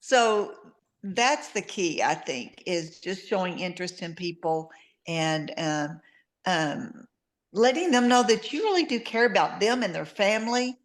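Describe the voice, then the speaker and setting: A woman's voice: lowish voice, lively intonation, measured pace. Southern-drawling woman telling stories. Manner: chatty storytelling, easy laughs. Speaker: guest distributor. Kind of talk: casual video-call chat.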